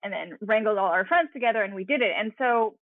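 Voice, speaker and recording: A woman's voice: mid-range voice, lively intonation, fast talker, narrow, tinny audio. A woman who illustrates comics, telling anecdotes in a chatty, laughing way in an interview. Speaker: comic book illustrator guest. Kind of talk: casual interview chat.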